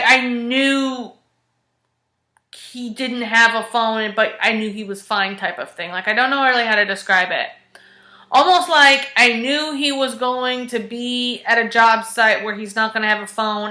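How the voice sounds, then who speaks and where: A woman in her thirties telling a personal story in a frank, expressive, casual way. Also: fairly high pitch, moderate pace. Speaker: vlogger. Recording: echoey room.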